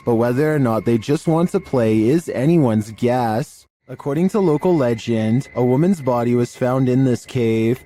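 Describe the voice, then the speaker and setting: A man doing scripted narration of eerie clips in a slow, ominous storytelling way. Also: medium pitch, warm tone, slight background noise.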